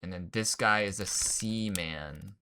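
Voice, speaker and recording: A gaming channel host with a low voice talks slowly through a casual let's-play of a puzzle game, thinking aloud and muttering guesses in slang. His voice sounds pushed and bright, with a little hiss or hum in the audio.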